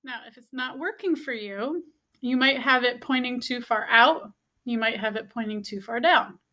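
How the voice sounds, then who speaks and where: A fairly high-pitched woman with a sharp tone speaks at a moderate pace. It's an instructional video where she leads a beginner music lesson, repeating steps with patience and checking in with "okay?".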